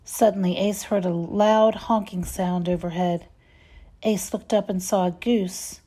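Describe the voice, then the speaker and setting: Lady reading a kids' storybook, mellow, kinda breathy. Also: mid-range voice, fairly even intonation, a little slow. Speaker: reader.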